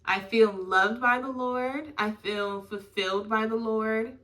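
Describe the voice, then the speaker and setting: A woman's voice: steady tone, slow. A young woman hosting a podcast, talking earnestly and candidly about her faith, with lots of likes and you knows. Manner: earnest and heartfelt, drifting from bursts to soft low lines. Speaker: podcast host. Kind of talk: candid faith-based personal talk.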